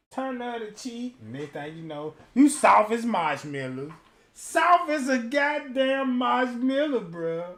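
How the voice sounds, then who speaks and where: A man hosts a casual reaction stream, talking loud and profane. His pitch swings widely, and he drags his words out slowly. Now and then he slips into sung bits and mock voices. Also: big pitch swings, a little hiss or hum. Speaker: streamer host.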